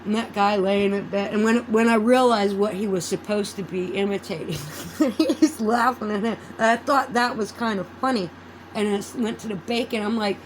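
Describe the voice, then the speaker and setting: A woman's voice: mid-range voice, moderate pace, slight background noise, poor audio. A woman vlogging in a casual, rambling chat. She swears freely and loses her train of thought.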